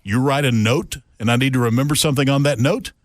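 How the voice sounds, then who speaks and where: A man's voice: medium pitch, quick pace, no echo. A man hosting a podcast in casual, joking chat with a friend, recorded in a radio station studio. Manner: chatty, animated, joking. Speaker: podcast host.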